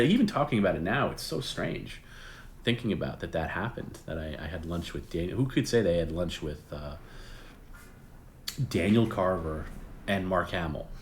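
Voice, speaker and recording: Brief: middle-aged man, deep low voice, casual profane storyteller hosting a show. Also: a little hiss or hum. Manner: profane, animated, self-deprecating anecdotes. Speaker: host.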